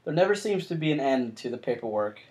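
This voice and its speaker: A man's voice: medium pitch, big pitch swings, fast talker, a little mellow. A man hosting a podcast in casual chat, telling long rambling stories with frequent restarts. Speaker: podcast host.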